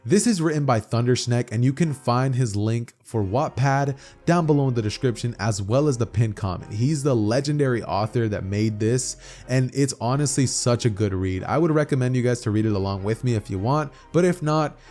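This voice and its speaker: A man's voice: mid-range voice, moderate pace, few pauses, darkish tone, faint music behind. A young man narrating a story in a casual, chatty way as storyteller.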